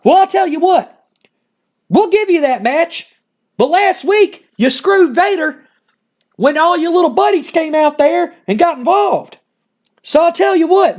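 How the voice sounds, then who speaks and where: Man doing a shrill cackling wrestling manager. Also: a little mellow. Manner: shrill, gleeful, taunting, cursing.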